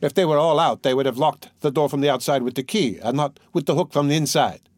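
A man reading a story aloud, voicing an excited, insistent young male law student. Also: a little high, quick pace, no room sound, studio quality, natural voice. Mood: eager.

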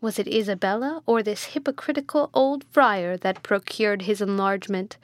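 A woman's voice: mid-range voice, normal speed, no room sound, clean studio sound, natural voice. A woman voicing an agitated, guilt-stricken male prince in a storybook reading, exclaiming frantic questions. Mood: angry.

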